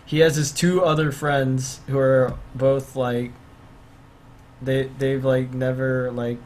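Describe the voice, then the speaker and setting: A man's voice: mid-range voice, flat delivery, slow pace, darkish tone, slight background noise. A young man co-hosting a podcast in casual chat, rambling and acting out quotes. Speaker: podcast host.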